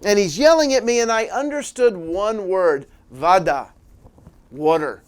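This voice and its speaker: A middle-aged man preaching in a sermon style, telling a personal story with animated delivery and frequent small laughs. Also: high voice, unhurried, clean tone. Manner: animated storyteller, laughs often, restarts phrases.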